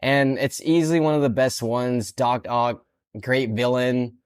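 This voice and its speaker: A man's voice: medium pitch, fairly even intonation, unhurried, clear, resonant tone, dry recording, clean studio sound. A young man co-hosting a podcast, laid-back and enthusiastic, using lots of casual slang. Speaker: podcast co-host. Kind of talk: casual chat.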